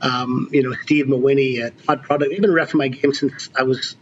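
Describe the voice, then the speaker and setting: A man in his sixties, a veteran basketball coach, telling stories in an animated, emphatic way during a casual interview. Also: mid-range voice, fairly quick, dull audio, a little hiss or hum. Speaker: basketball coach, podcast guest.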